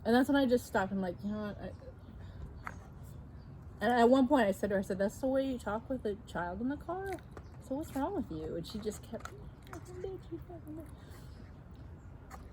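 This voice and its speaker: A woman in her forties, co-hosting a casual chat and telling a story, lively and quick to jump up in pitch as she acts it out. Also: slight background noise, low-quality recording. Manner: animated, jumps up in pitch when acting out the story. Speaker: co-host.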